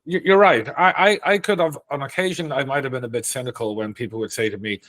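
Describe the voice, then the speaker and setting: A man with a Dublin Irish accent talks through his stories as a guest, animated and quick to laugh. His voice sits at an ordinary middle pitch. The sound is close and dry, with no room around it. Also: no echo. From Ireland. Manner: animated storyteller who often laughs. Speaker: guest, career coach. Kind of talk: casual interview conversation.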